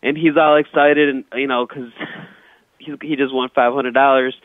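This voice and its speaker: A man's voice: mid-range voice, fairly even intonation, normal speed, no echo. A comedian guest telling rambling stories, stammering and restarting his sentences. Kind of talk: casual comedic storytelling. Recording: tinny phone line.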